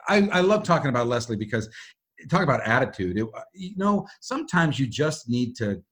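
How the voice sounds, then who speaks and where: A man with a husky, slightly breathy voice co-hosts a relaxed podcast. He tells his stories with animation and laughs easily as he goes. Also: mid-range voice, a little fast. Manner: animated storyteller, laughs often. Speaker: podcast co-host. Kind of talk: casual podcast chat.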